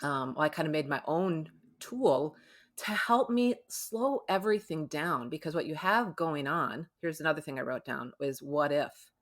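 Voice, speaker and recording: Low-voiced reassuring woman counselor. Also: lively intonation, moderate pace. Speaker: podcast guest and counselor. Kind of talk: casual counseling conversation.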